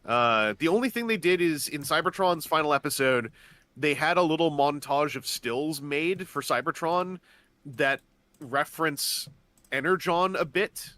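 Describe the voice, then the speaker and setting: A man's voice: fairly high pitch, unhurried, bright, forceful tone, dry recording. A man chatting casually on a gaming stream, explaining at length with lots of fillers and restarts. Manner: rambling, enthusiastic explainer, many fillers and restarts.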